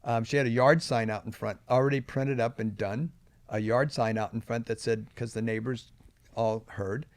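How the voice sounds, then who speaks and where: A man's voice: medium pitch, fairly even intonation, normal speed, no room sound. An older man, a podcast guest, telling a personal story earnestly and with emphasis at key moments.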